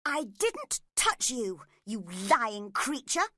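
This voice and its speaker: Woman voicing a shrill, spoiled young woman. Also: very animated, a little slow, fairly bright tone, no echo, clean studio sound, heavily acted. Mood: furious. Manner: cross and shrill.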